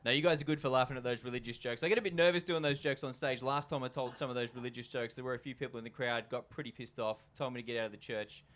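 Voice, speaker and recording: A man's voice: mid-range voice, steady tone, rapid-fire, hardly any pauses, a bit bright, slight background noise. A young man with an Australian accent doing a loose, chatty stand-up comedy set at a live venue, full of fillers and asides to the crowd.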